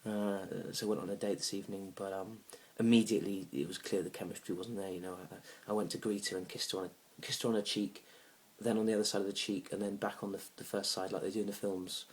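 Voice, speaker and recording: A young man telling a comic story about a bad date, awkward and rambling, now and then bursting into loud indignant rants. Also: low voice, flat delivery, fast talker, few pauses. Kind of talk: deadpan comic monologue.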